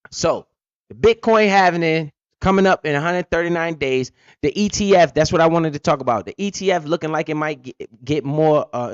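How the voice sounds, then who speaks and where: A man's voice: on the high side, no room sound. A man hosting a crypto channel, giving blunt, profane, joking market commentary off the cuff. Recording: dull lo-fi dry audio.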